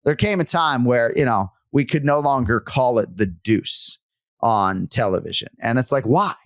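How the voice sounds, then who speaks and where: A man's voice: medium pitch, normal speed, no echo, clean studio sound. A man co-hosting a sports podcast, joking around in casual chat and swearing freely. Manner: profane, joking banter. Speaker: podcast co-host.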